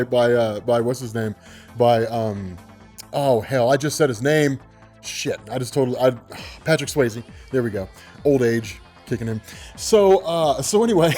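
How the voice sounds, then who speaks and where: A man in his twenties telling a story on his own channel in a loose, animated way, laughing often and swearing freely. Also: medium pitch, slightly rough. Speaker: vlogger. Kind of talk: casual storytelling.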